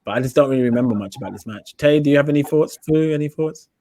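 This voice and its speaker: A man's voice: medium pitch, very fast, dark tone, no room sound. A man hosting a wrestling podcast, chatting emphatically and repeating himself. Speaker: podcast host. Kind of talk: casual chat.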